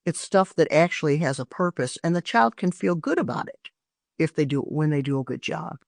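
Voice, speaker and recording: A woman's voice: deep voice, lively intonation, brisk, vocal fry, no echo, studio quality. Earnest older woman giving parenting advice. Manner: earnest, emphatic advice-giving with frequent restarts. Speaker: parenting expert guest. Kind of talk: podcast interview.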